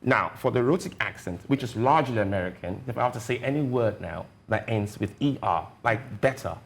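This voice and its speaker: A man with a Nigerian accent, lecturing patiently on a studio panel. His voice sits low and gravelly. Faint noise hums behind him. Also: lively intonation, fairly quick. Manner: explanatory, teacherly, gives examples. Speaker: guest educationist. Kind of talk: panel discussion.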